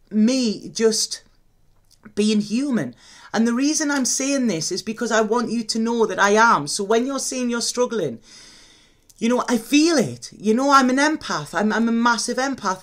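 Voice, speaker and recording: A woman's voice: fairly high pitch, expressive, unhurried. A woman speaks straight to her viewers as a tarot reader, opening up in a personal confessional monologue. Her talk is candid and emotional, with casual swearing dropped in without fuss.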